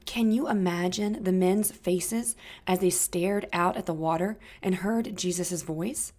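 Slow, gentle woman reading to children. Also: on the low side. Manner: slow, gentle and interactive with young listeners. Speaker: children's storyteller. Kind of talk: children's Bible story narration.

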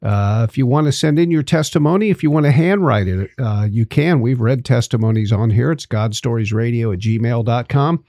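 Laid-back radio host guy, gravelly, plenty of uhs, dry mic. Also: mid-range voice, dry recording. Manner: relaxed, folksy, halting with fillers. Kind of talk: casual chat.

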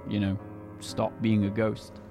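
A man's voice: on the low side, completely flat delivery, unhurried, gravelly, mellow, faint music behind. A man hosting a casual chat, telling a story in an easygoing, hesitant way. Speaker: podcast host telling the story.

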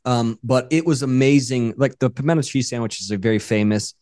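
A man's voice: mid-range voice, brisk, a little mellow, no echo, clean studio sound. A man co-hosting a podcast, chatting casually in an upbeat, joking way. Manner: upbeat, joking, enthusiastic storyteller. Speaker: podcast co-host. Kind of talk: casual chat.

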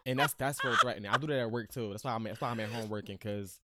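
A man chatting casually, acting out his reactions in lively quoted voices. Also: fairly low pitch, quick pace, very noisy. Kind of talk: casual chat.

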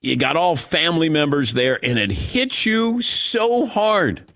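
A man's voice: fairly high pitch, very animated, measured pace, a bit bright, no echo. A middle-aged man hosting a sports radio show, telling a story in a casual, self-mocking and emotional way.

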